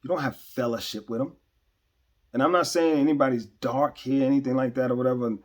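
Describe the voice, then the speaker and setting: A man's voice: medium pitch, fairly even intonation, fairly quick. Emphatic man giving earnest commentary. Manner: earnest and emphatic, stresses key words with repeated restarts. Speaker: podcast host. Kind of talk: unscripted commentary monologue.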